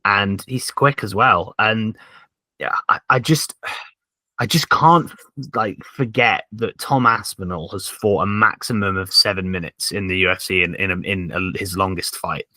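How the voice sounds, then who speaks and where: A man with a lowish, bright voice talks in a loose podcast chat. He hedges and fills his pauses with likes and ums. The recording is dry. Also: dry recording. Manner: hedging, filler-heavy talk with many likes and ums. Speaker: podcast co-host.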